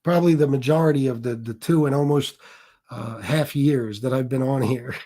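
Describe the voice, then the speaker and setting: A man's voice: mid-range voice, normal speed, mellow. A man hosting a casual livestream, talking bluntly with lots of cursing, repeating himself and restarting sentences as he reads chat comments. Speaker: livestream host.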